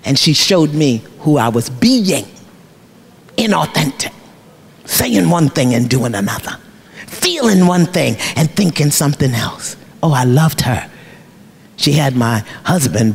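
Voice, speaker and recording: A woman's voice: a bass voice, expressive, a little slow, creaky, slight background noise. A middle-aged woman, a life coach, giving a storytelling motivational speech in a preacherly way, repeating phrases for emphasis and laughing often. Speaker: keynote speaker, life coach. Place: large luncheon hall.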